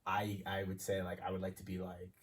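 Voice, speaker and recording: A man's voice: low-pitched, completely flat delivery, brisk, far from the mic. A young man co-hosting a podcast, chatting casually, swearing freely and repeating himself. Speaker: podcast co-host. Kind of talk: casual chat.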